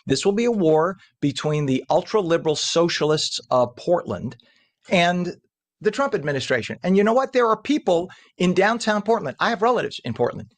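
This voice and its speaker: A male morning show host giving opinionated news commentary, ranting with indignation and jumping up in pitch when heated.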